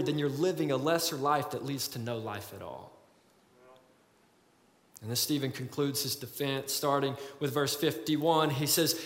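Earnest pastor preaching in an echoey hall. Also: male voice, sits high, bright, forceful tone. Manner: earnest, pleading, with many fillers. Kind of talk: sermon.

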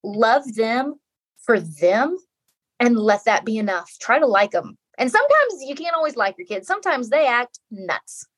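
A woman's voice: a little high, very animated, moderate pace, slightly rough. Earnest woman repeating phrases for emphasis. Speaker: guest author. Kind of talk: casual podcast interview.

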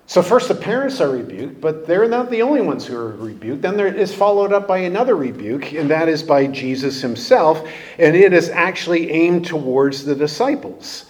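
Rhetorical questions fill the sermon of a male pastor whose voice is on the high side. He speaks at a moderate pace in an animated, conversational way.

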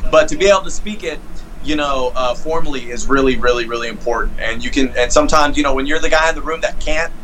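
A man's voice: mid-range voice, fast talker, bright, forceful tone, a little hiss or hum, low-quality recording. A man from St. Louis, a guest musician, telling stories in a rambling way with lots of fillers, talking into a phone on a video call from home. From St. Louis, USA. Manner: rambling, many fillers and restarts. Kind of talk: casual storytelling chat.

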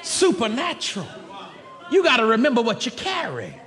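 An American man preaching a sermon with emphatic delivery that breaks into shouts and laughter. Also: very high-pitched, wildly swooping pitch, moderate pace, long reverb tail, crowd noise. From United States.

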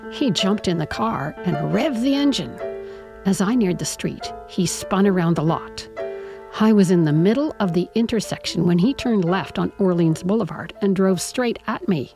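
A woman's voice: medium pitch, animated, normal speed, over music. A woman reading her own first-person story aloud in a wry, conversational way, sometimes dropping to a whisper.

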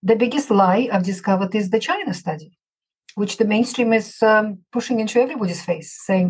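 A woman's voice: mid-range voice, brisk, slightly rough, rough recording. A woman from Russia with a Russian accent, a physician answering interview questions in an emphatic, assertive way. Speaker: guest physician.

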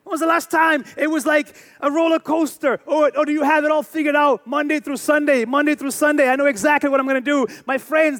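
Man, forties, pastor delivering a sermon, very high voice, emphatic and repetitive, keeps asking the crowd questions. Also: fairly even intonation, brisk, hardly any pauses, fairly bright tone. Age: 40s. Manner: emphatic preaching with repeated phrases and rhetorical questions.

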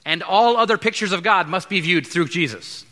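A man preaching a sermon as pastor, conversational, acting out quick asides between points. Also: high voice, sharp tone. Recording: long hall reverb.

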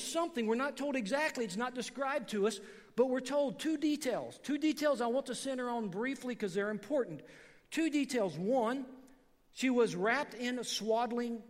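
A pastor preaching a sermon in a church, telling a long story in a lively, conversational way and often calling his listeners "man". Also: high voice. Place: church sanctuary. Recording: church hall reverb.

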